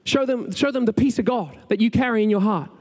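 A man preaching a conversational, energetic sermon as pastor. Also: extremely high pitch, brisk. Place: church sanctuary. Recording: large hall with long reverb, faint music.

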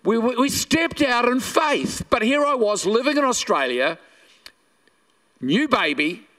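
An older New Zealand man with a Kiwi accent and a notably high voice, preaching to a church congregation. He tells stories with jokes and repeated phrases for emphasis. He sounds a little distant from the microphone. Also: animated, measured pace, pushed and bright. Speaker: pastor. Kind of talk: sermon with personal storytelling. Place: church service.

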